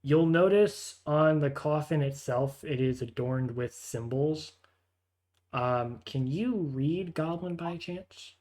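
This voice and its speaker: A man's voice: fairly high pitch, slow pace, a little mellow. A man narrating a tabletop game as game master, hesitant, with frequent fillers and restarts.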